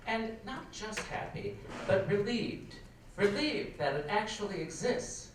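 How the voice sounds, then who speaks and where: A man reading his nostalgic story aloud on stage in a large hall, with wry, expressive comic timing. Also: medium pitch. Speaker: reader, storyteller. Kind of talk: live stage reading of a memoir. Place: large performing arts hall. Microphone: far camera. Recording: echoey hall from far off, faint noise.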